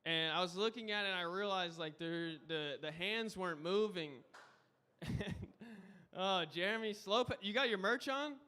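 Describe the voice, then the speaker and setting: A man's voice: sits high, moderate pace, bright, forceful tone, smooth. A man guest hosting a live comedy show, doing a loose, rambling stand-up set. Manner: loose, rambling, says dude a lot.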